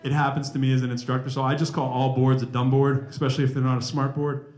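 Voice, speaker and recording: Speaking fast at medium pitch into a handheld mic, the rapper and math professor jokes and chats animatedly with college listeners. The echoey hall gives the recording plenty of reverb.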